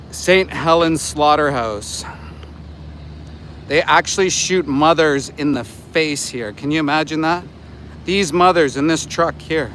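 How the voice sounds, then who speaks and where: A Canadian man in his forties livestreaming as an animal rights activist outside a slaughterhouse, ranting with indignation and shouting at truck drivers. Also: medium pitch. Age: 40s. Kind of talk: live street vlog. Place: outdoors by a road outside a slaughterhouse. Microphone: phone held while livestreaming. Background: passing trucks and traffic.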